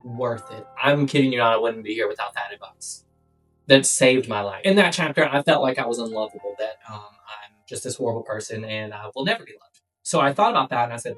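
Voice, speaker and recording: A woman swearing, excitable vlogger, distant mic. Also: rumbling low, a little fast. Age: young adult. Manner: blunt, swearing, excitable and playful. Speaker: vlogger giving life tips. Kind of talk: casual chat to camera. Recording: distant mic with background music.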